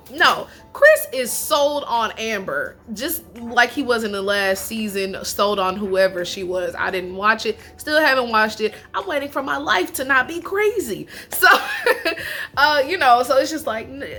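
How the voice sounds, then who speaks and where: Young female show reviewer: lively, casual, bright-toned, with soft music behind. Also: fairly high pitch. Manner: chatty and animated, laughs often, slangy asides. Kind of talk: casual chat.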